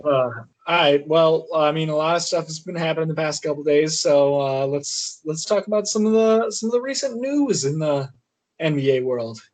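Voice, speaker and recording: A young man co-hosting a sports podcast, talking in a relaxed, thoughtful way with many fillers. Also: a little high, normal speed, rough recording. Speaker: podcast co-host. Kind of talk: casual sports chat.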